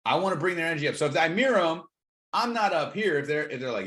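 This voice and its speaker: A man coaching on cold calling, energetic and acting out both sides of the calls. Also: fairly high pitch, quick pace. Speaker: real estate coach.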